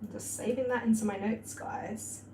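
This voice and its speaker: A woman's voice: fairly high pitch, normal speed, a little mellow. A young woman hosting a casual livestream, rambling and chatty with lots of fillers, reading out viewer comments. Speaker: astrology and spirituality livestream host. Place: warm indoor room at home. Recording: echoey room with faint ambient noise.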